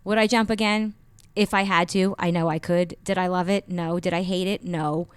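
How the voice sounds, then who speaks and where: Animated woman telling a story, dry studio sound. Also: fairly low pitch, normal speed, clear, resonant tone, no room sound. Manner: expressive, acts out quoted dialogue. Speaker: podcast guest, coach. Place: radio studio. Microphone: studio microphone.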